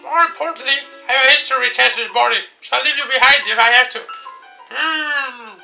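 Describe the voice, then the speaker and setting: A man voicing a teasing, bossy teenage little sister from a game, in a shrill, loud voice. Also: brisk, vocal fry, exaggerated voice. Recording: distant mic with faint music.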